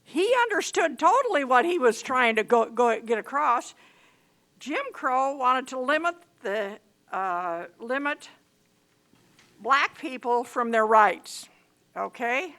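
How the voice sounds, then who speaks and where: A woman addresses a county board in public comment, indignant and scolding. Her voice sits high and sounds bright and sharp. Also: lively intonation, slow pace.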